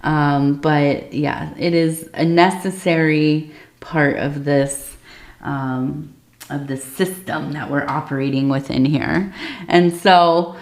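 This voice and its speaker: Woman, ASMR tea leaf reading, unhurried, slightly low voice, soft and rambling. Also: lively intonation, roomy sound. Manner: soft, meandering, many fillers.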